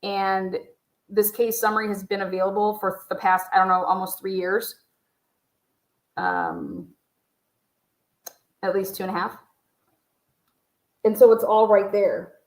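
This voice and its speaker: A woman riffs through a casual livestream on true crime, blunt and profane, wandering from point to point with fillers. Her voice sits at an ordinary middle pitch. The room around her echoes. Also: lively intonation, measured pace, long pauses. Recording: roomy echo.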